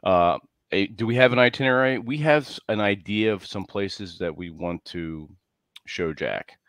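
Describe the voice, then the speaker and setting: A man's voice: lowish voice, normal speed, a bit bright, clear, resonant tone, dry recording, clean studio sound. A man co-hosting a casual podcast chat, rambling and laughing as he talks through plans. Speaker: co-host.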